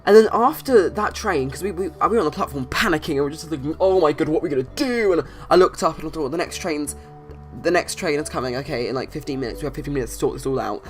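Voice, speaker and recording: A young adult rattles through a casual story at a quick clip. The talk rambles, full of restarts and fillers, over soft background music. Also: medium pitch. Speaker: channel host. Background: faint background music.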